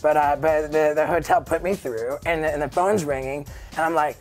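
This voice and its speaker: Man, fairly high voice, rambling casual storytelling, constant fillers, faint music behind. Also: fairly even intonation, quick pace, few pauses. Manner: rambling, heavy use of "like" and "you know". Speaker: guest.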